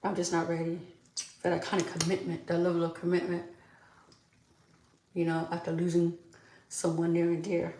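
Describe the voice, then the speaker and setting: A woman's voice: lowish voice, completely flat delivery, moderate pace, long pauses, warm tone, a little hiss or hum. A young woman with a New York accent hosts a podcast solo, chatting casually while doing her makeup, candid and profane. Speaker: podcast host. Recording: echoey room.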